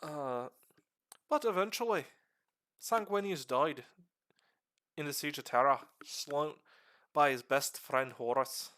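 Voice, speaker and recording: A man lecturing on a livestream in a put-on Irish accent that slips toward Scottish, excitable and swearing. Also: slow, long pauses. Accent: put-on Irish, slipping into Scottish. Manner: excitable, swearing, sudden pitch jumps. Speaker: streamer giving a lore lecture.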